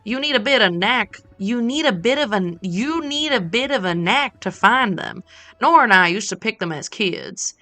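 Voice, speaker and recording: A woman's voice: fairly high pitch, expressive, normal speed, pushed and bright, no echo, faint music behind. A woman voicing a friendly middle-aged male shopkeeper in a game, with an accent that drifts in and out. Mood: cheerful. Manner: reads game dialogue aloud with a wavering put-on accent.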